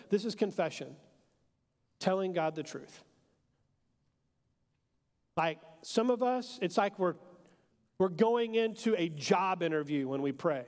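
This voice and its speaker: A man in his thirties, a pastor preaching a sermon in a relaxed, joking way, full of fillers. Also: high-pitched. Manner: casual and joking, with many fillers. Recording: long hall reverb.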